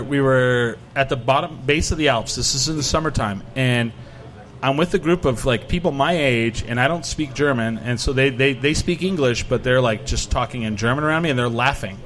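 Middle-aged man, casual chat, rambling anecdotes full of "like", mid-pitched voice. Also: a bit bright. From United States. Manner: rambling storyteller, many "like" fillers, acts out quotes.

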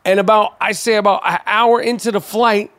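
A man's voice: high-pitched, steady tone, fairly quick, a bit bright. A man hosting a podcast, telling a story casually and animatedly, with plenty of profanity, fillers and restarts. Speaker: podcast host.

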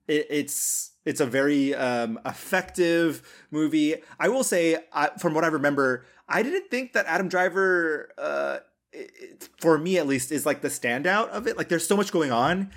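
A man's voice: a little high, lively intonation, normal speed. A man co-hosting a film podcast, talking bluntly and rambling, with plenty of fillers and swearing. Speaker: podcast co-host. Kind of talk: casual film podcast chat.

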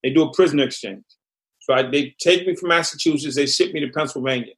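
A middle-aged man telling his life story as a podcast guest, animated and acting out the people he quotes. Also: a little high, fast. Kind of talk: storytelling interview.

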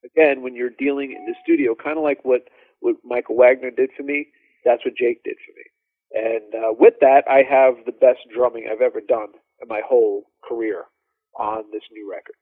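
A male drummer telling animated stories as a podcast guest, with lots of fillers and restarts. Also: medium pitch, moderate pace, dry recording. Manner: animated, laughing storyteller, many fillers. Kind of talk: casual storytelling interview. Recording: dry phone-like line.

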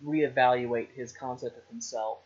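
A man's voice: mid-range voice, steady tone, normal speed, a little mellow. A man co-hosting a podcast, chatting casually about a film with jokes and restarts. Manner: rambling, joking, with restarts. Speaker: podcast co-host. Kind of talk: casual chat reviewing a film. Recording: slightly dull lo-fi sound.

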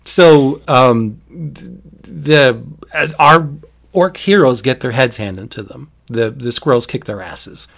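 A man's voice: mid-range voice, slow pace, gravelly, fairly bright tone. A man casually recapping a book's plot, rambling, restarting often and laughing. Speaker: book reviewer. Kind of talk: casual chat.

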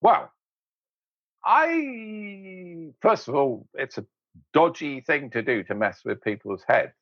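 A man, an interview guest, telling anecdotes in an animated way, laughing often and acting out voices. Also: on the high side, takes it slowly, dry recording, lo-fi sound. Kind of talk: anecdotal storytelling.

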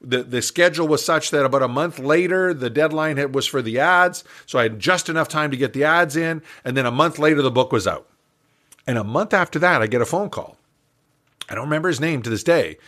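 Animated older man telling a story. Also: a little high, fairly quick. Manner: lively, animated storyteller who laughs often. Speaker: guest entrepreneur. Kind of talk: storytelling in a podcast interview.

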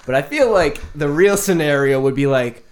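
A man's voice: fairly high pitch, animated, moderate pace. A young man in casual chat who asks curious questions and mocks himself. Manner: curious questioning, self-mocking.

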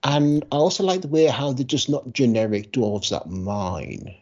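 A man's voice: medium pitch, moderate pace, darkish tone, muffled recording. A man co-hosting a podcast in casual chat, eager and loose, with trailing sentences full of fillers. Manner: enthusiastic, with many likes and trailing sentences. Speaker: podcast co-host.

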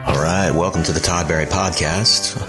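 A man hosting a podcast, recording a deadpan intro into his phone. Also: sits low, normal speed, loud music behind the voice. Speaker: podcast host. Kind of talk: casual intro monologue.

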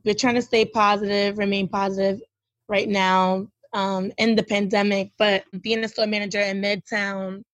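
A woman's voice: mid-range voice, flat delivery, normal speed, dry recording. A woman from the United States, a store manager, talking to the host in a friendly, positive way with some hesitant fillers. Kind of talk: casual interview talk.

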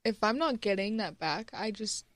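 A young woman co-hosting a podcast in casual chat, teasing and giggly in a relaxed way. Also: medium pitch, moderate pace, dry recording. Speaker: podcast co-host.

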